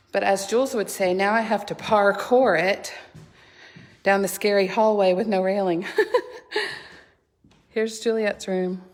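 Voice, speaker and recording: A woman giving a chatty, gushing home tour vlog inside a house under construction, filmed on a handheld phone. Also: medium pitch. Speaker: homeowner vlogger.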